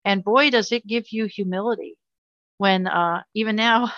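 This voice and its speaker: A woman's voice: mid-range voice, measured pace, fairly bright tone, dry recording, lo-fi sound. An older woman telling a painful personal story in an interview, earnest and emotional, often repeating herself. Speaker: guest.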